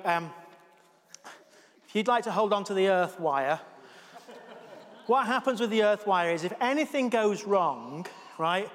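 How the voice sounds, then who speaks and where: In a large church hall, a pastor with a high-sitting voice leads an all-age talk. Jokey and energetic, he teases his helpers and cheers them on through a live demonstration.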